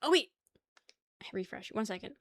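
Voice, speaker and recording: A woman's voice: mid-range voice, animated, moderate pace, no room sound, clean studio sound. A young woman livestreaming casual chat with her viewers, rambling, laughing easily and swearing offhandedly. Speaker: livestream host.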